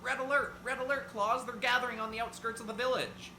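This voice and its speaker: A man voicing a squeaky, alarmed male elf, in an echoey room with background noise. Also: steady tone, fast, sharp tone, full character voice.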